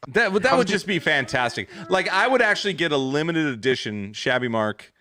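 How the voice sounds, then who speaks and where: A man's voice: on the high side, expressive, brisk, bright, forceful tone. A man hosting a podcast, joking and teasing his co-hosts in casual chat. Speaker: podcast host.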